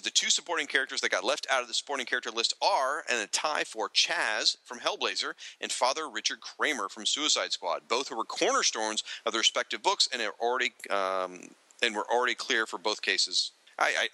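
A man's voice: on the low side, sharp tone, no room sound, low-quality recording. A man co-hosting a podcast, reading listener feedback aloud with joking asides to the listeners. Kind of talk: casual podcast chat.

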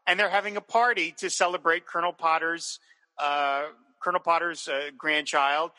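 A man's voice: on the high side, steady tone, moderate pace, pushed and bright, in a large hall. A man co-hosting a podcast, chatting casually and enthusiastically about a TV episode, with rambling restarts. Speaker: podcast co-host. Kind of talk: casual chat recapping a TV episode.

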